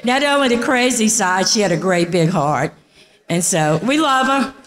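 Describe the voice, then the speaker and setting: A woman's voice: mid-range voice, normal speed, long reverb tail, rough recording. A woman telling family memories at a memorial, acting out the dialogue and laughing as she goes. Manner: animated, laughing, acts out dialogue. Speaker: family member sharing memories. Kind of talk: casual storytelling at a memorial.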